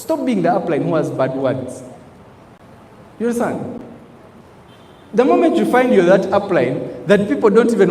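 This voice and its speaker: A man gives a motivational talk in the preaching style of a pulpit, throwing questions at his listeners. His voice sits high and swings widely in pitch. The sound bounces around a large hall with a long tail and a faint hum of ambience. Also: darkish tone. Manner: emphatic, preacher-like, asks the crowd questions. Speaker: network marketing trainer. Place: training hall with an audience.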